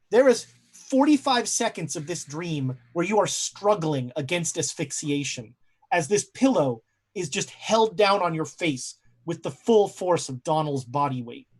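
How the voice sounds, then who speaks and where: With a fairly high, slightly breathy voice, a young game master narrates unsettling dream scenes in a tabletop horror session. He leans on dramatic pauses and frequently fills gaps hesitantly.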